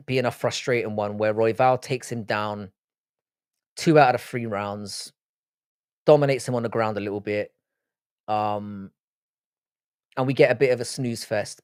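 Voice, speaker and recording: This livestream host has an English accent, Irish roots and a British upbringing, and he responds to viewer comments in a blunt, sweary, casual way. His mid-range voice has a darkish tone, captured at studio quality without echo.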